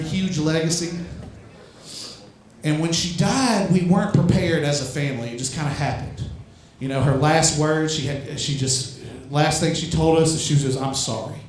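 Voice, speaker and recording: A young adult man from Louisiana doing a stand-up set on a club stage, storytelling with lots of swearing and loud, high punchlines. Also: a little hiss or hum. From Louisiana, USA. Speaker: stand-up comedian. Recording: very echoey club room.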